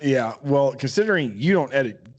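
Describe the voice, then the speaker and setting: A man's voice: medium pitch, moderate pace, muffled recording. A man co-hosting a podcast in casual chat, telling stories with swearing and acted-out voices. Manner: animated, swearing storyteller. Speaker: podcast co-host.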